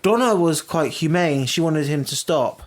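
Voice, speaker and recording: A podcast co-host, chatting casually and curiously asking a steady stream of questions. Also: mid-range voice, normal speed. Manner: curious, asks lots of questions. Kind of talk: casual chat.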